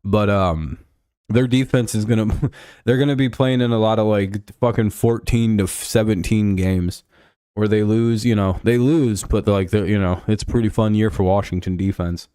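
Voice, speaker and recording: Man, streamer, casual rambling chat, profane, fillers, deepish voice, dry mic. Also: steady tone, moderate pace, warm tone, clear, resonant tone, no echo.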